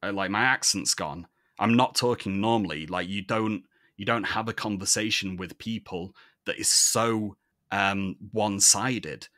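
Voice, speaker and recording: A man with a soft Northern English accent that drifts toward polished standard British. His voice sits fairly low and sounds close and dry, with no room around it. He talks in long, thoughtful stretches as a podcast guest. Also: a little slow, no room sound. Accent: soft Northern English, leaning toward received pronunciation. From Manchester, England. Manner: reflective, talks in long monologues. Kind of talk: casual conversation.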